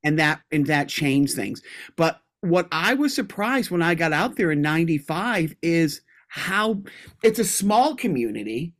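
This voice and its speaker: A man from Boston co-hosting a podcast, telling rambling, animated anecdotes in casual chat. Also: fairly high pitch, unhurried. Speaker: podcast co-host.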